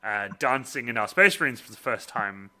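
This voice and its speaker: A man hosting a casual live-stream Q&A, excitable and laughing often as he acts out quoted voices. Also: mid-range voice, moderate pace.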